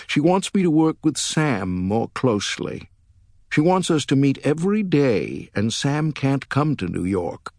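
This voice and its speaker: A man's voice: medium pitch, sing-song, measured pace, darkish tone, dry recording, studio quality, voice pushed up. A man reading an audiobook, voicing a tearful, earnest young woman who works as a political chief of staff, with his voice raised.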